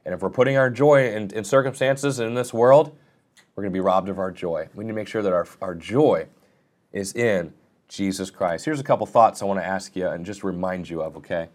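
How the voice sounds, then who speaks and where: A man preaching a sermon in an earnest, self-deprecating way, often lifting his voice to stress a point. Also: a little fast. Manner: earnest, self-deprecating, rises and falls in pitch for emphasis.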